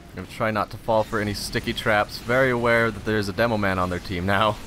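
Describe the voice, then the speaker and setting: A man giving live gameplay commentary, frustrated and ranting, sometimes breaking into loud shouts. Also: on the low side, fairly even intonation, fast talker, slight background noise. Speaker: gamer recording gameplay commentary.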